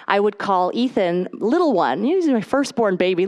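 A woman in her thirties giving a lively faith-based talk to a mothers' group, acting out the voices of the people in her stories. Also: mid-range voice, fairly quick, few pauses. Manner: animated storytelling, acts out quoted voices.

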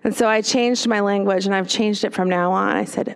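A woman's voice: medium pitch, fairly even intonation, brisk, creaky, clean tone. A woman, a former children's pastor, giving a storytelling talk to parents, often checking in with "right?". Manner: storytelling with tag questions.

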